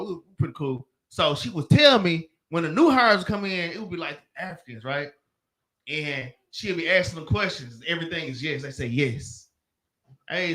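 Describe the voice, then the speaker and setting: A man's voice: on the high side, pushed and bright. A man with a Southern US accent leading a religious class, telling loose slangy work stories and laughing. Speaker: class leader. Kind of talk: casual teaching chat.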